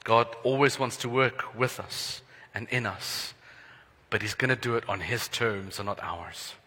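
A man pastor preaching a sermon in an earnest, prayerful way, letting his phrases trail off softly. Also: on the low side, measured pace, breathy edge. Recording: long hall reverb.

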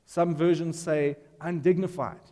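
A man's voice: fairly high pitch, little pitch movement, measured pace, warm tone, in a large hall. A man preaching a sermon in a conversational, storytelling way, putting questions to the congregation.

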